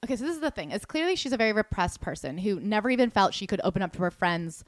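A woman co-hosting a podcast in casual chat, jokey and animated, often reading quotes aloud. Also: mid-range voice, very fast, no echo. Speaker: podcast co-host.

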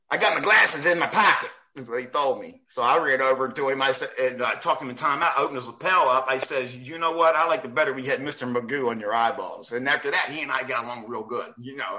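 A man, a basketball referee, telling a story in a casual, animated way and acting out the people he quotes. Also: medium pitch, highs cut off. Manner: animated, acts out quoted coaches.

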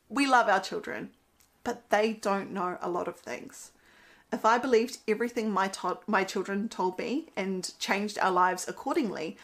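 A woman, a mother talking earnestly about parenting in a casual monologue, laughing now and then at her own stories. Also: medium pitch. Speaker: mother giving parenting commentary. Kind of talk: casual monologue with Bible quotes.

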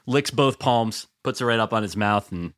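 A man's voice: lowish voice, normal speed, a bit bright, no room sound. Dry-humored man co-hosting a podcast. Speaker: podcast co-host. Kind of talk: casual podcast banter.

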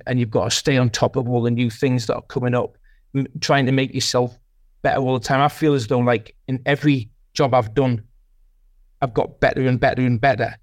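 A man's voice: medium pitch, dry recording, clean studio sound. A man, a sales leader guest, talks through his experience in a rambling, self-reflective way with many restarts. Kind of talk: casual podcast interview.

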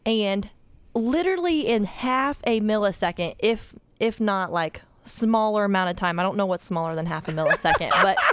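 A young woman, telling animated stories in casual chat and laughing as she goes. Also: medium pitch, normal speed, slight background noise.

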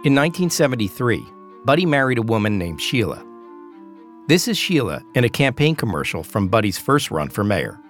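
A man narrating a documentary news story in a measured, scripted way. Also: mid-range voice, big pitch swings. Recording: music bed under the voice.

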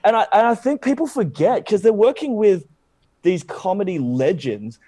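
A man in his thirties with an Australian accent, a guest actor in casual podcast chat who tells stories with lively acted-out quotes. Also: high voice, moderate pace, no room sound. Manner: animated storyteller, acts out quotes.

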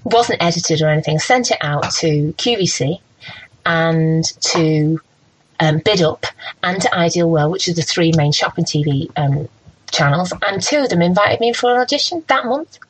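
A woman, a presenter telling stories from her career in a casual interview, very expressive and laughing often. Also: lowish voice, normal speed, slight background noise, poor audio. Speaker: radio and TV presenter.

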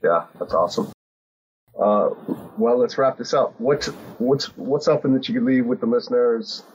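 A man hosting a podcast, asking halting questions full of fillers and giving brief agreeing replies. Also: medium pitch, darkish tone, slight background noise. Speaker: podcast host. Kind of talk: casual interview. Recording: dull lo-fi sound.

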